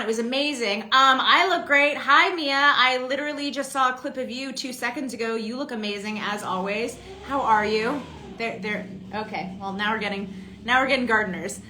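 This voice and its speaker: A chatty woman with a bright, lifted voice talks casually to fans on a live stream. She greets viewers by name and reads their comments aloud. Her voice sits fairly high and rings around an echoey room. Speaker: voice and motion-capture actress hosting a fan signing.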